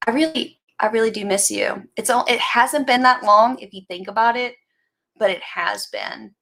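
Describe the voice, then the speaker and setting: A woman chatting casually on her live stream, rambling from one thought to the next. She stops now and then to greet viewers by name. Her voice has a steady gravelly fry underneath. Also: on the high side, moderate pace. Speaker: livestream host chatting with viewers.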